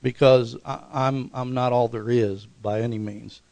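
A man's voice: medium pitch, steady tone, a little slow, a little mellow, no echo, low-quality recording. A man delivering a sermon as a pastor, moving between loose, conversational asides and emphatic, repeated exhortations. He keeps calling for "Amen?" from the congregation. His voice sits in an ordinary middle register, recorded close and dry with almost no room sound. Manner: preaching with frequent call-and-response "Amen?"; conversational, with fillers and restarts.

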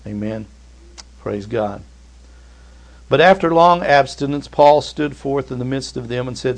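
A middle-aged man preaching a sermon, dropping to slow, hushed emphasis and climbing to loud, excited peaks. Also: mid-range voice. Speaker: pastor.

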